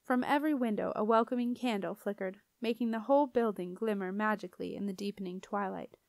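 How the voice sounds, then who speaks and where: A woman reading a children's fantasy novel aloud in an even, expressive style. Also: mid-range voice, fast talker, dry recording, clean studio sound. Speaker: audiobook reader. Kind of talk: storybook narration.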